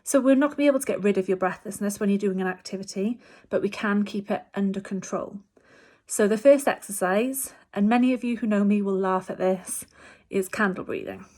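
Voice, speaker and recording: A woman speaks as a physiotherapist, calmly and reassuringly walking her patients through breathing exercises. Her voice sits in the middle of the range, and she pauses often with small fillers as she explains. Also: medium pitch. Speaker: hospice physiotherapist. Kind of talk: instructional talk to patients. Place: home.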